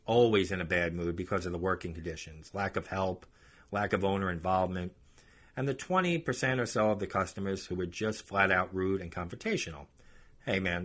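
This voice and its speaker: A man's voice: deep voice, bright, forceful tone. A man hosting a podcast, telling a story bluntly and sarcastically. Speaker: podcast host.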